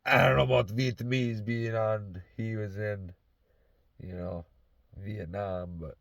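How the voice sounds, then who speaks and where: A man's voice: lowish voice, steady tone, unhurried, vocal fry, fairly bright tone, no echo. Man with a half-faked Southern drawl, swearing. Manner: heavy swearing, loose and rambling. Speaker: vlogger. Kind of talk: casual rambling monologue. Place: inside his truck.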